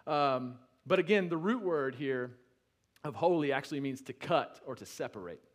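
A male pastor preaching a sermon, conversational with restarts, building to loud emphatic peaks and then dropping low. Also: expressive, moderate pace.

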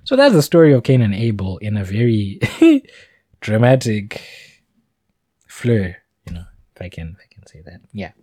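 A man's voice: on the low side, wildly swooping pitch, normal speed, pauses often, mellow, dry recording, studio quality. A man giving a casual, meandering monologue with informal asides. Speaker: solo talker.

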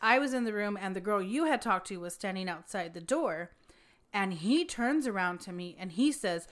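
A woman in casual conversation, recounting events in a lively, animated way. She swears freely and acts out what others said. Her pitch sits in the middle range. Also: a little fast. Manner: lively storytelling, swearing, acting out quotes. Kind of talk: casual chat.

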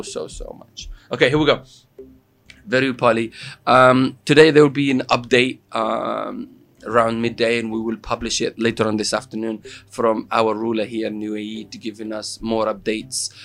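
Low-voiced man sharing news updates. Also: vocal fry. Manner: halting, with many fillers and restarts. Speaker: host giving local news updates. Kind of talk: casual news chat.

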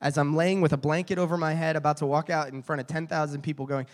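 A man's voice: on the high side, flat delivery, fast, hardly any pauses. A man preaching a sermon, telling stories with frequent restarts and repeated words.

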